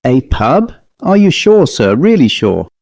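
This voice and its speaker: A man voicing a proud, rotund village constable in his thirties with a provincial accent, raised in pitch. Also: expressive, normal speed, dark tone, no room sound, natural voice. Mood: inquisitive. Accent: provincial English.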